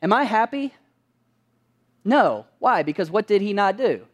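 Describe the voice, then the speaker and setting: A man's voice: high-pitched, big pitch swings, a little slow. A man preaching a sermon as pastor, asking his listeners rhetorical questions and answering them with emphasis.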